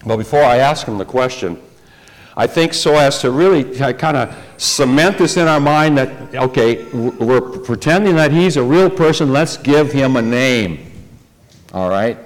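Slow, deliberate male preacher. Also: medium pitch, animated. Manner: deliberate, rhetorical questions to the congregation, repeats words. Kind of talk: sermon.

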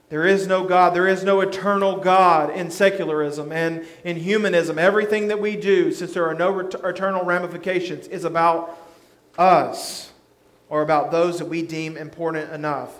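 A man preaching a sermon as pastor, earnest, slowing down to stress scripture. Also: on the high side, fairly even intonation, a bit bright, roomy sound.

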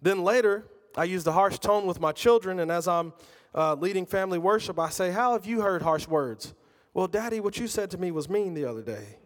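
A man's voice: high voice, animated, fairly quick. Preaching man in a reverberant hall. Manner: conversational preaching with personal stories. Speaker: pastor. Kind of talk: sermon.

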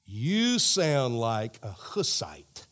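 A man's voice: mid-range voice, wildly swooping pitch, drawn-out words, fairly bright tone, voice pushed down, full character voice. Brief: proud male church debater, scornful, done by a preacher.

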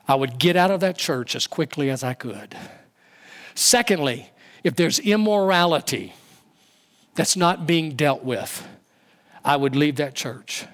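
High-voiced preacher man, emphatic sermon. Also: a bit bright. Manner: emphatic, rising and falling delivery with repetition.

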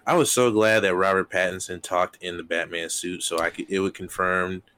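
A man's voice: low voice, fairly even intonation, brisk, bright, forceful tone, a little hiss or hum. A man co-hosting a podcast, chatting casually with crude jokes and lots of swearing. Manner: crude, joking, swears a lot. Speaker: podcast co-host. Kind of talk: casual chat.

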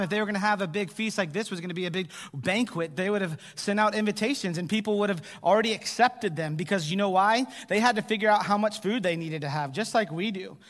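High-voiced animated American preacher in a hall. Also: male voice. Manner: animated preaching, drops to a near whisper at times. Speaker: pastor. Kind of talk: sermon.

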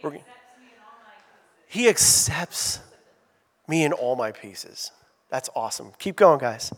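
A man preaching a sermon as pastor, animated, drawing call-out answers from the congregation. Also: medium pitch, slow pace. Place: church sanctuary. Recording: long reverb of a church hall.

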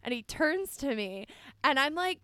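A woman's voice: high voice, measured pace, no room sound. A young woman co-hosting a casual chat, telling a story with lots of laughter. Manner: animated, laughs often while telling stories.

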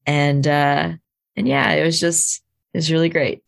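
A woman with a low voice recounts a story in loose, animated chat, sprinkling in swearing and fillers. The recording is dry and close. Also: unhurried, vocal fry, dry recording. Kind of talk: casual storytelling.

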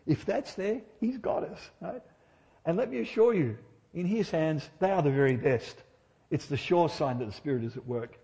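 A man's voice: fairly high pitch, lively intonation, normal speed, gravelly, long pauses, dark tone, big-room sound. A middle-aged man preaching a sermon in church, conversational and humorous, often asking his listeners rhetorical questions.

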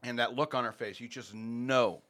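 A man hosts a loose, casual podcast. He rambles and jokes his way through sponsor reads, full of ums and asides, at an average pitch. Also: moderate pace, a bit bright. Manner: rambling, jokey, many fillers. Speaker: podcast host.

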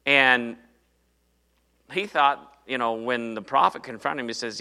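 A man delivers a sermon in an animated storytelling manner, playing out the biblical dialogue himself. His voice sits at a middling pitch with a bright, forceful tone. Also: unhurried, vocal fry, smooth. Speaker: preacher.

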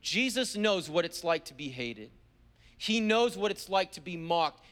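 A man preaching a sermon as pastor, driving points home with repeated phrases and slowing down to read scripture. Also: high-pitched, fairly bright tone. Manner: slows down when reading scripture aloud. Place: church service.

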